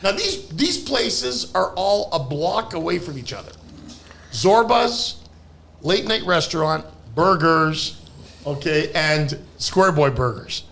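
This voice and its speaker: A man, a guest comedian on a podcast, telling animated comedy stories, laughing through them and shouting exaggerated impressions. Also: a little high, slow, creaky. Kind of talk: storytelling comedy anecdotes. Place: podcast studio.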